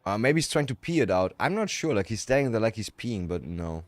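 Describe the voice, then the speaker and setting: Lively, profane male streamer. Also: lowish voice, fairly quick, no room sound. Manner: animated, profane, joking. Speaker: livestreamer. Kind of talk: live commentary reacting to videos.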